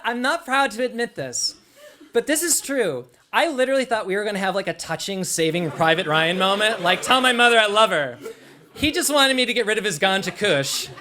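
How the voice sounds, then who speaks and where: A young man telling a personal story live on stage, in an animated, conversational way with lots of "like". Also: high-pitched, slight background noise.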